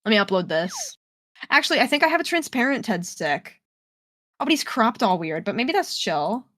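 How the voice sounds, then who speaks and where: A playful woman streamer with a fairly high voice, dramatic and chatty as she reads game text aloud to her viewers. Her voice is dry and close, with almost no room sound. She talks straight into a desk microphone. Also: sing-song, moderate pace, fairly bright tone, no echo. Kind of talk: casual live-stream chat, reading game text aloud.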